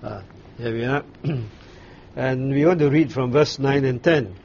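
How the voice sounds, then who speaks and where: A man leading a Bible study, explaining scripture in an unhurried way, pausing and restarting as he searches for words. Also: mid-range voice, vocal fry, darkish tone. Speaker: Bible teacher. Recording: dull lo-fi recording with faint noise.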